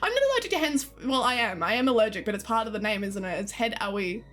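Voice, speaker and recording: A woman's voice: on the high side, animated, fast, a bit bright, soft background music. An Australian woman streaming, chatting casually and giggling while she reads and answers her live chat. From Queensland, Australia.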